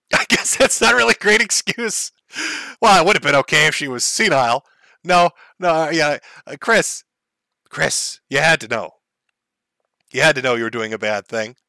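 A man's voice: on the high side, lively intonation, normal speed, gravelly, bright, forceful tone, no echo. A man hosting a livestream, giving crude, sarcastic commentary and laughing often. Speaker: livestream host.

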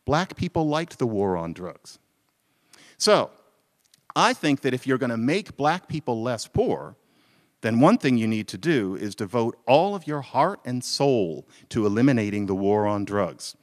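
A man's voice: mid-range voice, big pitch swings, measured pace. A man giving a conference talk, making pointed arguments and answering his own rhetorical questions. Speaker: lecturer. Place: lecture hall. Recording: lecture hall with long reverb.

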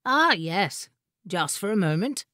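A woman voicing a genial, brisk male court wizard in an audiobook, with an airy, offhand manner. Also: mid-range voice, big pitch swings, sharp tone, no echo, studio quality, heavily acted. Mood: breezy. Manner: breezy and offhand. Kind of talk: audiobook character voice.

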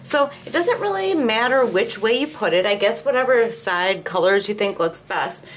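A woman's voice: mid-range voice, moderate pace. A middle-aged woman hosting a crochet tutorial, talking casually and step by step while she works with her hands at home. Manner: chatty and relaxed, talks while working with her hands. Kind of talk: casual step-by-step craft demonstration.

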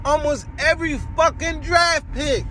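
A man's voice: extremely high pitch, steady tone, a little slow, sharp tone, slight background noise. A man delivering a heated, profane fan rant to his viewers, repeating himself as his anger builds. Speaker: fan vlogger.

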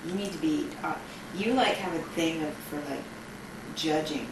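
A woman's voice: sits low, moderate pace. A young woman in casual, frank conversation with a friend, talking freely with lots of fillers. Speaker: friend being filmed. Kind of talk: casual chat. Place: outdoors hangout spot. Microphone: camcorder mic from a distance. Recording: echoey, distant, noisy home video.

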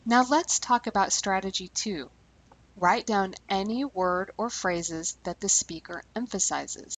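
A woman language teacher giving scripted instructional narration, speaking clearly and slowing down deliberately on key terms. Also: mid-range voice, low-quality recording.

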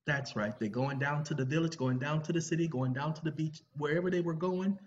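A man's voice: a little high, a little fast. Tired man rambling in lo-fi audio. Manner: rambling, joking, drawling, breaks into song. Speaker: video host. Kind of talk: casual rambling monologue. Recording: dull lo-fi recording with faint music.

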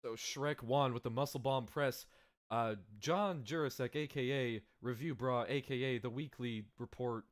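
A young man hosting a live stream, calling the action in a loud, excitable way and laughing often. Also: mid-range voice, normal speed. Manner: yells and laughs at big moves, then mumbles when fixing slides. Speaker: stream host and commentator.

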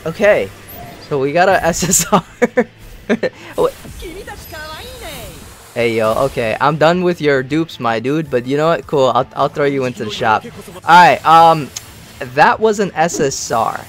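Young male gamer, higher voice that swings all over, excitable and slangy, faint game music underneath. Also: a little slow, long pauses. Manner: excitable, slangy, grumbling at bad luck. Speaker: mobile game streamer. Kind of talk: casual gaming commentary.

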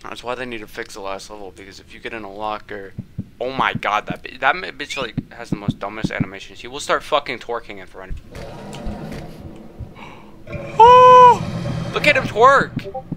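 A man's voice: fairly low pitch, a little fast, long pauses, noisy background. A man doing profane, slang-heavy let's play commentary, mocking the monster and yelping when startled. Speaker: gaming channel host.

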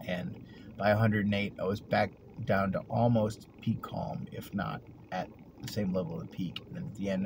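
A man talking through a rambling, reflective personal vlog, often trailing off into soft murmurs. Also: low voice, steady tone, normal speed, noisy background. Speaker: vlogger. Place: at work, vehicle sounds around.

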